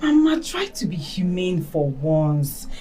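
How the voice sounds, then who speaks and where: Brief: Nigerian daughter, lowish and mellow, respectful and pleading. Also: female voice, big pitch swings, slow, a little hiss or hum. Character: young daughter defending her friend.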